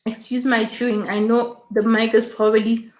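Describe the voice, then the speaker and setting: A woman's voice: fairly high pitch, flat delivery, moderate pace, darkish tone, roomy sound. A woman hosting a casual YouTube live stream, chatting, reading viewer comments aloud and repeating her thanks.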